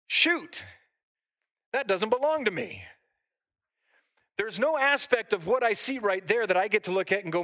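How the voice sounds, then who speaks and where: Bright, high-voiced preaching man. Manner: lively preaching with asides to the congregation; reads a long scripture passage aloud. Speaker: pastor. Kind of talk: sermon.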